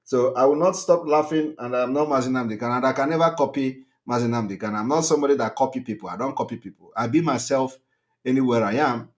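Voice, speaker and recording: A man's voice: mid-range voice, fast talker. A man hosting a live call-in show, laughing often and talking with many fillers. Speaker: host.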